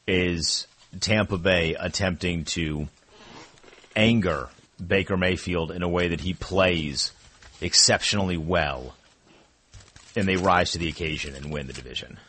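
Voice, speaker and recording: A man's voice: sits low, unhurried, pauses often, fairly bright tone, breathy edge. A man talking on a sports radio show, easygoing banter with the host.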